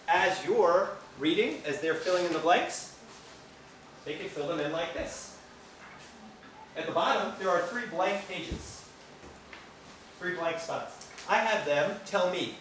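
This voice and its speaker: A higher-voiced man from America runs a teacher training, his pitch swinging up and down as he plays with voices. He sounds far from the mic in a very echoey room, and there is clear background noise. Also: measured pace, pauses often. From United States. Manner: animated, playful, acts out silly reading voices. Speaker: English teacher giving a training.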